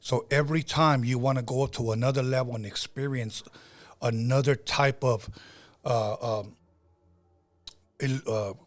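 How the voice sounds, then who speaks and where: A man's voice: mid-range voice, steady tone, unhurried, pauses often. Middle-aged man hosting a casual podcast. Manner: conversational storytelling with frequent fillers and restarts. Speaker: podcast host.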